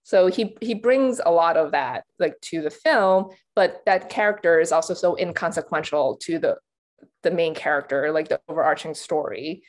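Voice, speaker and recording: A young woman with a fairly low voice talks awards predictions in a loose, casual panel chat. She fills her sentences with "like" and restarts. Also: moderate pace. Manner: chatty, lots of "like" and restarts, laughs easily. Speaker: awards pundit.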